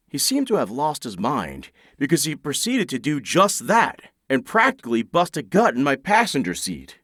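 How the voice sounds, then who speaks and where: A man's voice: medium pitch, huge pitch swings, moderate pace, a bit bright, no room sound. Man reading a sardonic audiobook. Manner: sardonic, dry, exasperated. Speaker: narrator. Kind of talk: first-person audiobook narration.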